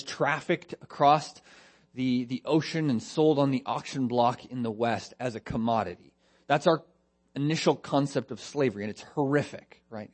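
A man preaching an expository sermon, posing rhetorical questions in earnest, stressing key phrases and dropping his voice on grave points. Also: medium pitch. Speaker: pastor.

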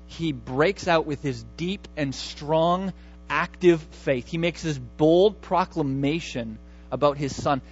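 A man's voice: on the high side, lo-fi sound. A man preaching a sermon in a conversational, emphatic way, often restarting his words. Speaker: pastor.

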